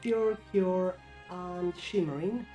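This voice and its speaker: A woman's voice: on the low side, slow, warm tone, faint music behind. A woman giving casual, wry commentary while playing through a video game. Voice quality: offhand, wry. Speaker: let's play host.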